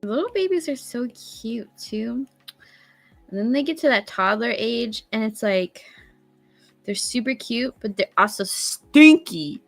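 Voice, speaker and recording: A woman's voice: on the high side, expressive, measured pace, no room sound, soft background music. A woman chatting casually on a live stream as a guest, playful and giggly, teasing her viewers.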